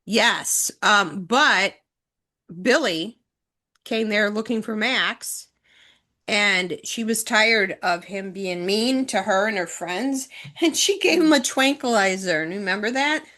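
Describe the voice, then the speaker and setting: Woman, middle-aged, podcast co-host, casual chat, slow pace, rambling run-on retelling. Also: mid-range voice, bright, forceful tone. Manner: retells scenes in long run-on chains of "and". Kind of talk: casual chat recapping a TV show.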